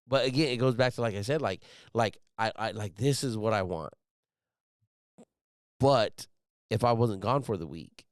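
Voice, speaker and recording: A man in his thirties talks in an earnest, rambling way, full of fillers. His voice sits low and sounds smooth and resonant, and the recording is dry and close. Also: dry recording. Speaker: podcast host. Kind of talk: casual chat.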